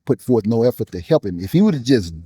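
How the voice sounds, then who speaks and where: Grieving man with a mellow voice. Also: medium pitch, big pitch swings, breathy edge, no echo, clean studio sound. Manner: earnest, preacherly, with pauses and repetitions. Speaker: guest musician and bishop. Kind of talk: emotional interview talk.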